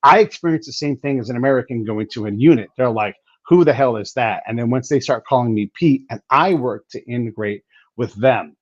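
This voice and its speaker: A man hosting a casual conversation, telling stories emphatically and talking in quick bursts. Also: mid-range voice, no echo. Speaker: podcast host. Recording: dull lo-fi recording.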